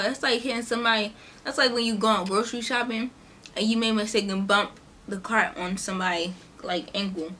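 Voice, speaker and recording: A young woman vlogger, chatting casually through a storytime and acting out the people in it. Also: slight background noise. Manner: chatty, animated, acts out quotes in a higher voice. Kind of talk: casual storytime during a mukbang.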